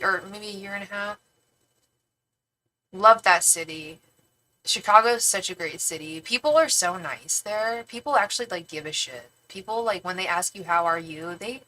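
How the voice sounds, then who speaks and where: A middle-aged woman from the Bay Area talks with a Northern California accent in a bright, forward voice. She hosts a casual livestream and chats freely, animated and slangy, with lots of "like" and some playful swearing. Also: medium pitch, low-quality recording. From San Francisco Bay Area, California. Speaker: tarot reader and livestream host. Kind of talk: casual livestream chat, reading viewer comments aloud.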